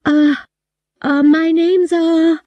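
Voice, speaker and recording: Woman reader doing a scared teen girl, higher and pleading, slow, dull dry sound. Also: little pitch movement, warm tone, dry recording, full character voice. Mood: nervous. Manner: raised, pleading delivery. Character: frightened sixteen-year-old girl, pleading.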